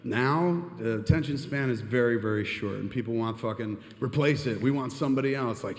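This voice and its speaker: A middle-aged filmmaker telling comedic stories on stage, profane, rambling and self-deprecating, in a reverberant live hall. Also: male voice, mid-range voice, fairly quick, hardly any pauses. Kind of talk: comedic storytelling monologue.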